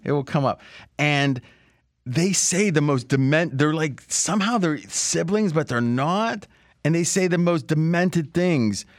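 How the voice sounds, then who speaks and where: A man hosting a casual sports-betting podcast, rambling in animated asides. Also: on the high side, a little slow, no room sound, clean studio sound. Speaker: podcast host.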